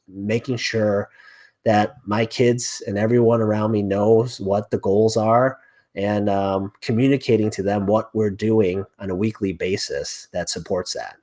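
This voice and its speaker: A man in his thirties, a real estate agent as a podcast guest, telling a personal story in a lively, animated way and acting out the dialogue. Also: lowish voice. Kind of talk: conversational storytelling interview.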